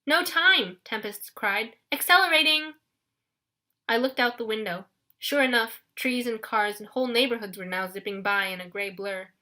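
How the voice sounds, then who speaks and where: A woman narrating an audiobook in a lively first-person storytelling manner. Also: mid-range voice, a little fast.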